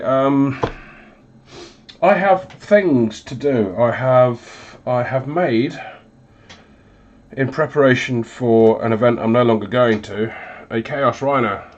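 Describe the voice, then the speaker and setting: A man's voice: medium pitch, a little slow, darkish tone, muffled recording. A man hosting a casual painting livestream, stuffed up and recovering from illness, rambling with lots of ums and self-deprecating asides. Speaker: hobby livestream host. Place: hot home hobby room, windows closed.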